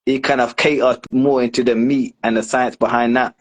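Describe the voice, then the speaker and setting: A man in mid-range pitch talks through his stance as a guest in a casual chat. He rambles, fills pauses with "um" and "like," and restarts his sentences often as he works out what he means. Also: little pitch movement, low-quality recording. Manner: rambling, many fillers and restarts, explaining at length. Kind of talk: casual discussion.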